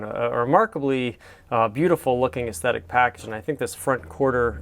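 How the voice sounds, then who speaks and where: A man's voice: mid-range voice, vocal fry. A man hosting a casual show where he comments on classified ads, talking in an admiring, rambling way with many fillers. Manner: soft-spoken sleep-friendly delivery. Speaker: host.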